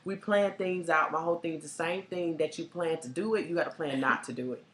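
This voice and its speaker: A woman hosting a casual chat, telling stories in an animated, laughing way. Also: low voice, brisk, slight background noise. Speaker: STD life coach, host. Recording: echoey room.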